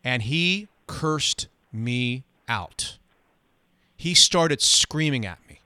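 A man hosting sports radio, telling a story in a lively, quick way. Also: mid-range voice, smooth, dry recording, clean studio sound. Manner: animated, quick anecdote telling. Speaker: radio host.

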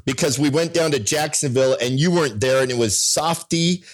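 A man's voice: a little high, brisk. A man co-hosting a sports podcast, teasing his friend in casual, laughing banter. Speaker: sports radio co-host.

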